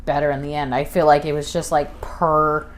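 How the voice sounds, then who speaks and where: A woman's voice: deep voice, level tone, normal speed. A woman co-hosting a podcast in casual chat, making wry, teasing asides. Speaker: podcast co-host.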